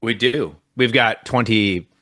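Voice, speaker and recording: A man's voice: medium pitch, slow pace, bright, forceful tone, no echo, clean studio sound. Rambling man co-hosting a podcast, just woken up. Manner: rambling, self-interrupting, jokey. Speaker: podcast co-host. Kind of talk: casual chat.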